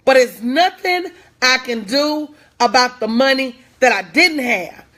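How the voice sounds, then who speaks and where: Fields: Sex: woman. Pitch: high. Role: motivational speaker. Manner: preachy, repetitive, casual. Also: animated, a little slow, a bit bright. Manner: repetitive, preachy, urges viewers to respond; greets viewers by name mid-speech. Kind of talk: live-stream motivational talk.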